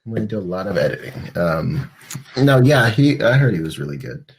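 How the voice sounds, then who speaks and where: A man's voice: fairly low pitch, very animated, fairly quick, slight background noise. A young man co-hosting a podcast in casual chat, rambling and laughing a lot. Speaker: podcast co-host.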